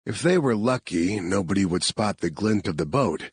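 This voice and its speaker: Low, husky male audiobook narrator. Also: no echo. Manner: measured, even reading.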